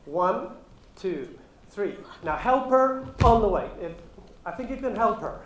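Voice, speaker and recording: A man's voice: sits high, expressive, unhurried. A man coaching a ballet rehearsal, talking dancers through the steps and singing the counts in da-da syllables. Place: echoey dance studio. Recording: echoey room with light background noise.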